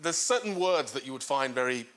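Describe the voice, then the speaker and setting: Playful Brummie man guest, lively voice. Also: mid-range voice, fairly quick. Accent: Birmingham. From England. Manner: relaxed, stammering restarts, playful. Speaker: actor guest. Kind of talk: talk show guest chat. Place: television studio with live audience. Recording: studio audience laughter and noise.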